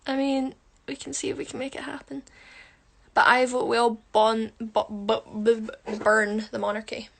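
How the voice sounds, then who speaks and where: A woman talks into her phone during a casual livestream, her voice sitting high. She is chatty and teasing, joking with her viewers while she does her makeup. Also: level tone, normal speed, gravelly, a bit bright. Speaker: livestream host answering viewer comments. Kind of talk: casual chat.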